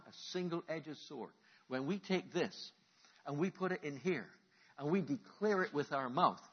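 A man preaching a sermon, moving from quiet questions to loud, impassioned calls for the congregation to respond. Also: medium pitch, breathy edge, highs cut off.

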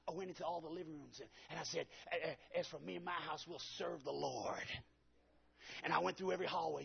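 A man preaching with a very husky, gravelly voice that sits a little high. He tells his story dramatically and plays out his own quotes. The recording is dull and lo-fi. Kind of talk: sermon.

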